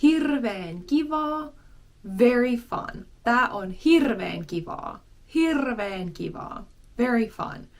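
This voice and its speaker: Slow, patient woman teaching a language. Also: fairly high pitch, animated, creaky. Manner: slow, repeats words many times for learners. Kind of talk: relaxed spoken language lesson.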